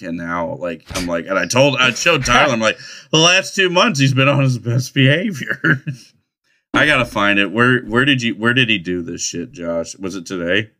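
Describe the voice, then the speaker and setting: Low, bright-voiced man ranting crudely. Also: slight background noise. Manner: profane, teasing, rambling. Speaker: podcast host. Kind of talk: crude casual chat.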